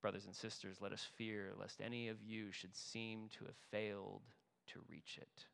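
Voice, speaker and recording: A man preaching a sermon as a pastor, animated and storytelling, building intensity as he voices scripture. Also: lowish voice, normal speed, creaky, clean tone. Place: church sanctuary. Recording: echoey hall with long reverb.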